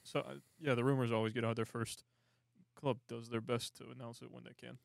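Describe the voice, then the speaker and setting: A man's voice: mid-range voice, little pitch movement, a little fast, creaky, dry recording. A man co-hosting a casual fan podcast, giving blunt, opinionated takes. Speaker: podcast co-host.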